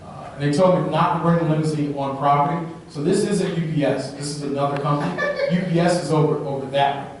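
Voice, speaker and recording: A man giving an energetic motivational talk at a live sales rally, telling stories and often asking the crowd "right?". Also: fairly high pitch, fast, slight background noise. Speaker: motivational speaker. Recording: echoey hall, from far off.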